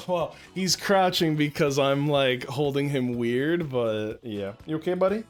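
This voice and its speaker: A young man with a fairly high voice talks loosely to his stream from home. He slips into cooing baby talk for his pet and drops casual swears. Faint music plays behind him. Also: measured pace, few pauses. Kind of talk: casual chat to viewers. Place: at home indoors. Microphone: desk mic, handled up close.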